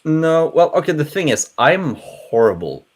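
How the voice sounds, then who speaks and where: A man with a Norwegian accent talking in a casual online panel, animated and chuckling, often trailing off and restarting. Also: fairly high pitch, measured pace. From Norway. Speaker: panel guest.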